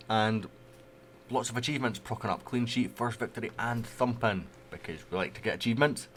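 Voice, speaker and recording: A man's voice: low-pitched, a bit bright, a little hiss or hum. A man giving casual, rambling commentary over a management game he plays. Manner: chatty, rambling, loose. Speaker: gaming YouTuber.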